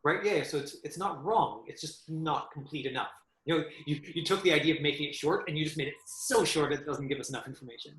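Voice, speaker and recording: A man teaching an acting class, explaining a script to his students in a halting way, with many fillers and restarts. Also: fairly high pitch, fairly bright tone, echoey room, low-quality recording.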